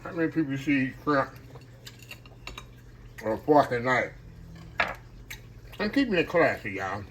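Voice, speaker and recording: A man's voice: mid-range voice, sing-song, measured pace, a bit bright, rough recording. A man who hosts a home cooking channel, chatting with his viewers in a folksy way while he fries shrimp. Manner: folksy and chatty, often calls viewers "y'all", laughs at his own jokes. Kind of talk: casual cooking demonstration. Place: home kitchen with shrimp frying. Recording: clear frying and kitchen noise. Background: oil sizzling and frying sounds.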